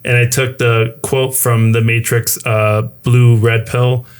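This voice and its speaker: A man's voice: medium pitch, level tone, slow pace, clean tone. A man co-hosting a casual podcast chat, animatedly retelling his own reactions. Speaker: co-host, new media professor.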